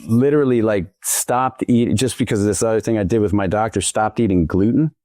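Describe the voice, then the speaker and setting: A man guest on a podcast, talking casually in a halting way, restarting sentences and downplaying himself. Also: fairly low pitch, a little mellow, dry recording, clean studio sound. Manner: halting, restarts often, self-deprecating. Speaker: guest actor.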